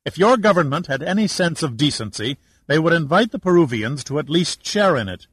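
A man voicing an angry, indignant woman archaeologist in an audiobook, his voice raised and sharp. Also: on the high side, very animated, a little fast, husky, dry recording, voice pushed up, heavily acted.

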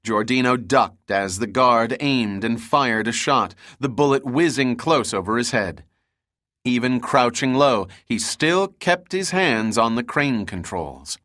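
A man reading an action novel aloud as an audiobook narrator, with steady dramatic storytelling. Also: medium pitch, unhurried, no room sound, clean studio sound.

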